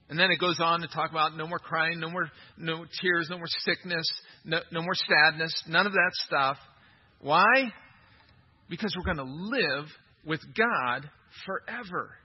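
A man's voice: on the high side, slightly rough, dull audio. A man preaching a sermon as pastor, emphatic, often asking his listeners questions. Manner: emphatic, asks the congregation questions.

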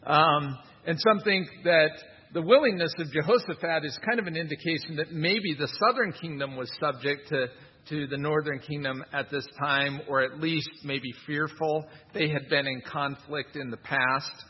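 A man's voice: fairly high pitch, normal speed, slightly rough, long reverb tail, dull audio. A man preaching a sermon in a conversational, wry manner, with rhetorical asides. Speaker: pastor.

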